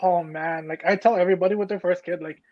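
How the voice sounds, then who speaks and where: A man's voice: high voice, fairly even intonation, fast. Slangy man in casual chat, lo-fi. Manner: slangy, says bro and like often.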